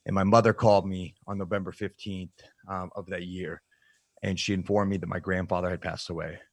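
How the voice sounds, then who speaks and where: A man, a podcast guest, frankly telling his life story in a reflective, halting way with plenty of fillers. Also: sits low, level tone, no echo. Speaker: podcast guest, nutrition coach. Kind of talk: candid personal storytelling in an interview.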